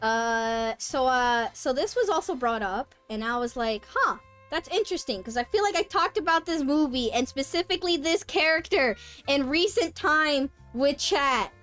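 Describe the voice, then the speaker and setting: A young woman tells stories to her stream chat in a high voice, animated and dramatic. Faint music plays underneath her talk. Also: normal speed. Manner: animated, dramatic storytelling with sudden shrieks and laughs. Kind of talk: casual chat with stream viewers.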